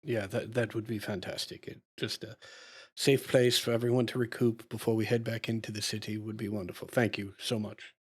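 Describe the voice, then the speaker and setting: A man taking part in a tabletop game, asking politely and hesitating with frequent ums. His voice sits lowish and stays flat. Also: a little fast, few pauses, slightly rough. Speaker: player. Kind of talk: in-character role-play.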